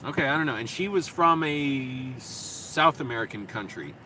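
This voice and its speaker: A man's voice: mid-range voice, lively intonation, pushed and bright. A man vlogging into his phone in a parked car, rambling and venting with plenty of swearing. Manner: profane, rambling, quick to vent. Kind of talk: rambling casual monologue. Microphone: phone camera. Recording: noisy air conditioning hum.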